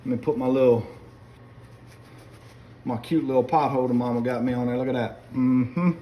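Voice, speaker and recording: Pots and utensils clink as a middle-aged man from South Louisiana cooks at home, chatting folksily and repeatedly calling his viewers "guys" in a casual demo. His medium-pitched voice shows little pitch movement and moves at normal speed. The sound is lo-fi, with slight background noise.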